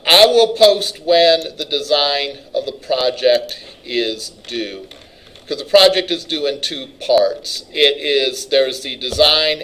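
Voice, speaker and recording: A man's voice: mid-range voice, pushed and bright, rough recording. Casual rambling male college lecturer. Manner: rambling, casual, self-interrupting. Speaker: college instructor. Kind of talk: classroom lecture.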